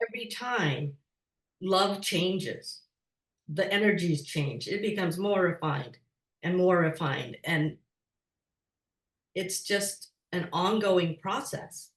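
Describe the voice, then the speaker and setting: A woman speaking as a guest on a spiritual talk show, gentle and measured. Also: fairly low pitch. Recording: echoey, distant from the mic.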